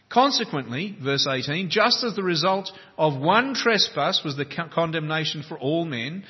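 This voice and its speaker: Pastor, male, husky voice, measured preaching that slows on key phrases, in a hall with long reverb. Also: on the high side. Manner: measured, slows for emphasis, explains terms plainly. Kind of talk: sermon. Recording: dull lo-fi sound with long church reverb.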